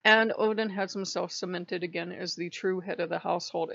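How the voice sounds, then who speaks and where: A woman with a low, gravelly voice talks through her week in a loose, rambling, chatty vlog. The sound is dry and close, with a dull, lo-fi tone. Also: fairly even intonation, fairly quick, a bit bright, dry recording. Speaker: channel host. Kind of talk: casual devotional vlog chat.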